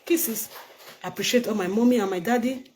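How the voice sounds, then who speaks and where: A woman's voice: a little high, fairly quick, a little mellow, slight background noise. An older woman from Nigeria with a Nigerian Pidgin accent, talking straight to her viewers in a casual vlog, emphatic and pleading, often repeating herself. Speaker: vlogger. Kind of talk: casual direct-to-camera vlog.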